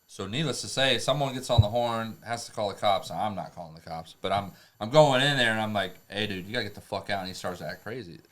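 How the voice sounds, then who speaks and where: A man telling rough stories on a podcast, profane and rambling, laughing through them. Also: on the low side, fairly quick, few pauses. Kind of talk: casual storytelling.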